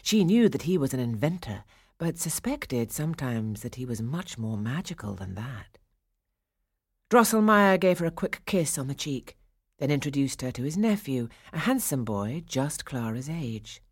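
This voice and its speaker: A woman with a low, deep, husky voice narrates a classic storybook, expressive and measured, her melody lively as it rises and falls. The recording is dry and close to the mic, with no room sound.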